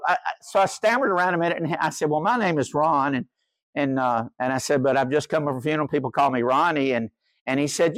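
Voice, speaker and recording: A man's voice: fairly high pitch, lively intonation, fast talker, fairly bright tone, no echo. An older man preaching a sermon, telling a humorous story in a folksy way. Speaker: pastor.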